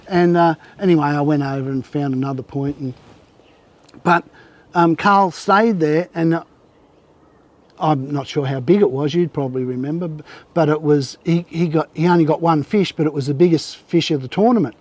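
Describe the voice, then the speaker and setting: A man telling tournament fishing stories in loose, casual speech. His voice sits a little high for a man, and he circles back, restarts and pads his thoughts with fillers. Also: normal speed, darkish tone. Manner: rambling, with many restarts and fillers. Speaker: guest angler. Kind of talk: casual storytelling on a live show.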